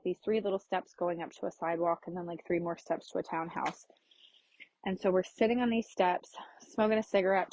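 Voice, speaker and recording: Woman, mid-pitched voice, candid personal storytelling, frank and casual, dry dull recording. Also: darkish tone, no room sound. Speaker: podcast host.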